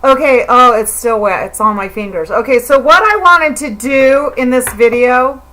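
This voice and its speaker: A woman's voice: a little high, moderate pace, bright, forceful tone, low-quality recording. A middle-aged woman talking straight to the camera in an emotional, rambling religious monologue, stammering and repeating herself as she goes. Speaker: vlogger.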